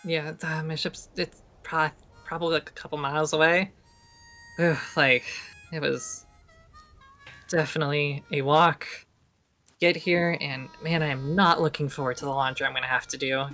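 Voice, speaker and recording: Woman player, low voice, chatty, grumbling in character, faint music behind. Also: steady tone, moderate pace, fairly bright tone. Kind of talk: playing a character in a tabletop game.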